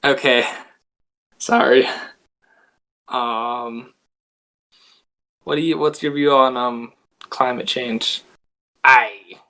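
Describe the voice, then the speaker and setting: A man giving a rambling deadpan comedy monologue, halting and full of restarts. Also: mid-range voice. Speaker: comedy video creator.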